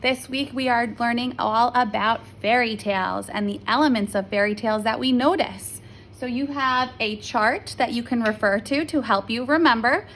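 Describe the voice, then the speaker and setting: A woman teacher reading a fairy tale aloud to young children in an expressive storytelling manner. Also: fairly high pitch, moderate pace, a little hiss or hum, low-quality recording.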